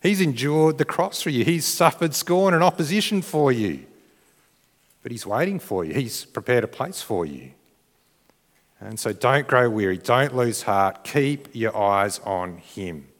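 A man's voice: mid-range voice, animated, unhurried. Male preacher, casual and earnest, repeats words as he builds, reverberant church hall sound. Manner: conversational, restarts phrases, rises to shouted crowd cheers. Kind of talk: sermon.

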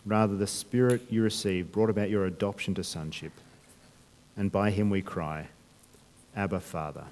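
A man's voice: fairly low pitch, steady tone, normal speed, a little mellow, long reverb tail. A man preaching a sermon, talking conversationally with restarts and rhetorical questions. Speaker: pastor.

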